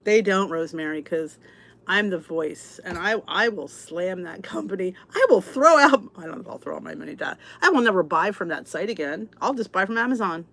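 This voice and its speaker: A woman's voice: on the low side, animated, brisk, creaky, a bit bright. Chatty, exasperated woman host. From United States. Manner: chatty and exasperated, ranting with restarts. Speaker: channel host. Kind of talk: casual live chat reading comments.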